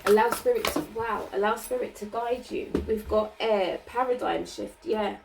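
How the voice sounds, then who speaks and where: A woman giving a channeled card reading, gentle and reassuring, often ending her sentences with "okay?" and laughing lightly. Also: mid-range voice, unhurried, gravelly, distant mic, noisy background. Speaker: spiritual card reader.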